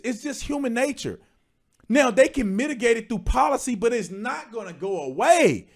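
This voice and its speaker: A young man, hosting an opinion stream and preaching his points, sometimes rising to a shout. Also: high-pitched. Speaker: livestream host.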